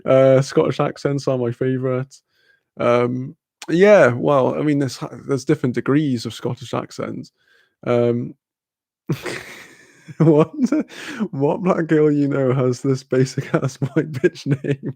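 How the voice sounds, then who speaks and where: Gravelly young man chatting. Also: mid-range voice, steady tone, slow, darkish tone, dry recording. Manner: chatty, laughing often, many fillers. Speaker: streamer. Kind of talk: casual live-stream chat.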